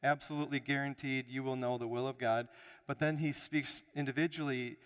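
A man's voice: medium pitch, fairly even intonation, a little fast, a bit bright, clear, resonant tone. Emphatic male pastor in a reverberant hall. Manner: preaching with emphatic rises and repeated restarts. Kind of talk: sermon.

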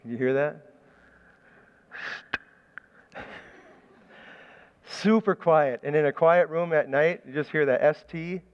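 A man's voice: a little high, moderate pace, clean tone, big-room sound, muffled recording. A man preaching a sermon in a conversational, storytelling way, often restarting his phrases. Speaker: pastor.

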